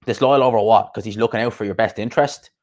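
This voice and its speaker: Profane ranting man, low voice. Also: quick pace, a little mellow. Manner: blunt, profane, ranting with rhetorical questions. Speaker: boxing podcast host. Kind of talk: casual live stream rant.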